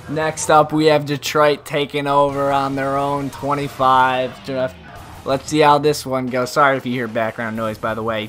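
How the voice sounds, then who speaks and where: A man giving casual, foul-mouthed commentary over a football video game, trash-talking the team he follows and shouting when plays go wrong. His voice sits in an ordinary middle pitch. Faint music plays underneath. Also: normal speed. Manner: profane, mocking, gets loud and excited. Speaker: gaming YouTuber.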